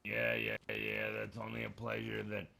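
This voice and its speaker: A man's voice: on the low side, flat delivery, normal speed, creaky, bright, forceful tone. A man streaming a game, chatting casually with other players, joking, teasing and swearing freely.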